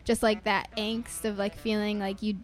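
A woman's voice: medium pitch, level tone, normal speed. A young woman talking casually and reading her poem, rambling with many "like" fillers. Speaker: guest poet. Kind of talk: casual chat and poem recital. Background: faint jazz music.

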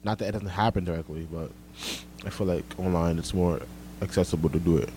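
A young man with a very low, dark voice, chatting casually as a host. He talks in a relaxed way, with lots of "like" fillers. A faint hum sits behind him. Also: a little fast. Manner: relaxed, filler-heavy, says "like" often. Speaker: host reading listener comments. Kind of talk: casual chat.

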